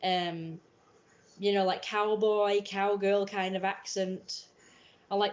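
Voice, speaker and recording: An English woman talks casually to her livestream viewers. Her voice sits in a middle pitch. She wanders from thought to thought, leaning on "like" and restarting her sentences. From England. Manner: rambling, full of "like" and restarts. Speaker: livestream host. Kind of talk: casual live-stream chat.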